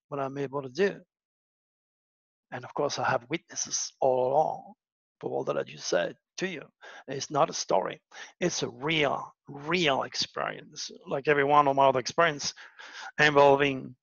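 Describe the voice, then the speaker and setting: A man's voice: fairly high pitch, creaky, a bit bright, no echo, muffled recording. A man telling a personal story in a dramatic monologue, often repeating words for emphasis. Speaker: astrology show host.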